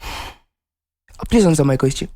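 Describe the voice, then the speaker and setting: Insistent male co-host with a lively pitch. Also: takes it slowly. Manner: insistent, interrupting, cross-examining. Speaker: podcast co-host. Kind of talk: casual wrestling debate.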